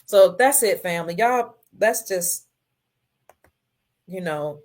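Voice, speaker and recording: A woman hosting a casual livestream, reading viewer comments, emotional and tearful, her voice swinging between soft and loud. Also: on the low side, expressive, takes it slowly. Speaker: livestream host.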